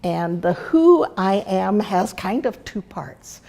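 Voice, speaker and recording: An older woman with a mid-range, sing-song, creaky voice speaks slowly in a casual teaching talk. A speaker and teacher, she chats through family anecdotes and a children's story as a warm storyteller with small laughs.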